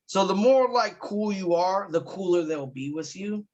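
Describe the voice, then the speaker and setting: A man's voice: high-pitched, animated, moderate pace, a little mellow, highs cut off, slight background noise. A man, a guest comedian, chatting casually on a podcast and telling loose, profane stories full of fillers.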